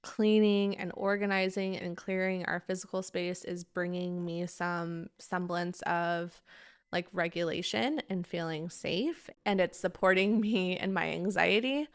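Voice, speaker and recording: A woman in her thirties tells a relationship story candidly and reflectively, with plenty of fillers. Her voice sits low and has a gravelly edge, yet it stays smooth. The sound is close and dry. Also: fairly even intonation, measured pace, no echo. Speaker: relationship vlogger. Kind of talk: casual talk to camera.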